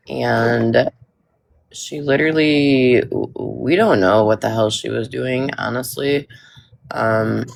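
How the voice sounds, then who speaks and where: A woman's voice: a bass voice, vocal fry, slight background noise. A woman telling a long story in casual chat, emphatic and rambling, with many restarts.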